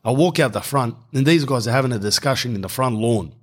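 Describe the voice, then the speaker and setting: A man's voice: medium pitch, fast talker. A man telling a rambling comic story with self-mocking asides.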